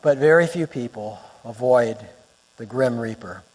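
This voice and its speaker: A male pastor preaching a sermon, emphatic and repeating phrases for effect, rising to near-shouts. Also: mid-range voice, unhurried. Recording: long hall reverb.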